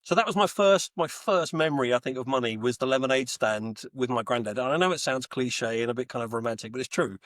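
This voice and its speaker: A man's voice: medium pitch, quick pace, few pauses, dry recording. A man in his forties who grew up in Texas, chatting as a podcast guest and telling stories with lots of fillers and restarts. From Texas, USA. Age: 40s. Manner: chatty, animated storyteller with many fillers and restarts. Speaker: guest, home Bitcoin miner. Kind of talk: casual interview chat.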